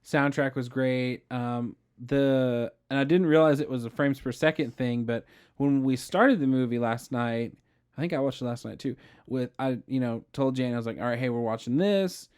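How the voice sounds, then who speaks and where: A man's voice: medium pitch, fairly even intonation, moderate pace, darkish tone, smooth. A man co-hosting a movie podcast, speaking in a laid-back, casual way. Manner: laid-back, brief remarks. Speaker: podcast co-host. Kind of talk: casual movie review chat.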